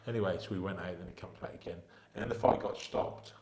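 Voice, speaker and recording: A middle-aged man, a retired boxer from England, telling animated stories as a podcast guest and acting out the voices of the people in them. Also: deep voice, fast, echoey room, very noisy. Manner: animated anecdotes, acts out quoted voices. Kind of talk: casual storytelling chat.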